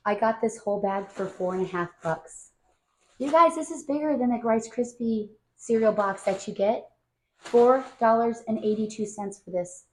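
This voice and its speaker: A middle-aged woman chatting excitedly about her grocery haul at home, with lots of fillers. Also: a little high, normal speed, reverberant, slight background noise, low-quality recording. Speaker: vlogger. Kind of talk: casual grocery haul chat.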